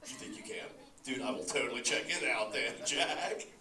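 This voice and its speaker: A man's voice: mid-range voice, normal speed, a crowd in the background, close to an everyday voice. A man playing a laid-back surfer-dude sea turtle dad who says "dude" constantly and laughs a lot while chatting with a live audience. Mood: stoked, laid-back. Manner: lively, laughs often, talks straight to the audience. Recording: echoey hall, voice from far off.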